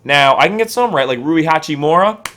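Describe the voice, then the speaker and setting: A man's voice: fairly high pitch, animated, a little fast, a bit bright. A man co-hosting a sports podcast in casual chat, rambling and jokey, often poking fun at himself. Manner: rambling, jokey, self-deprecating. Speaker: podcast co-host.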